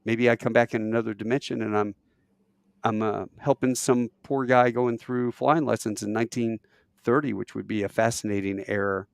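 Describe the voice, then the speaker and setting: Brief: gravelly-voiced man in his fifties, podcast host, lively storyteller, dry close recording. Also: on the low side, moderate pace, no room sound. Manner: animated, acts out voices in his anecdotes. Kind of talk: conversational storytelling.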